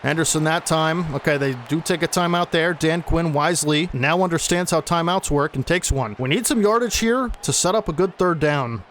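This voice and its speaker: A young man giving play-by-play commentary over a football video game he is playing, excitable and talking to viewers as folks. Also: a little high, moderate pace, few pauses, a little hiss or hum. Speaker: gaming channel host.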